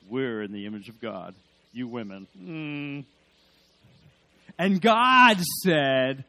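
A male preacher giving a sermon, swinging between loud emphasis and hushed asides and leading the congregation in call-and-response. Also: fairly high pitch, expressive, slow, no room sound.

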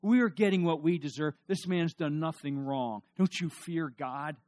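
A male preacher voicing a repentant thief on a cross, rebuking another loudly. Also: fairly high pitch, moderate pace, natural voice. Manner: loud, pleading rebuke.

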